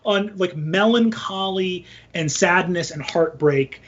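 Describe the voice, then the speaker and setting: A man in casual chat who talks haltingly, searching for his words. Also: high-pitched, fairly bright tone, lo-fi sound.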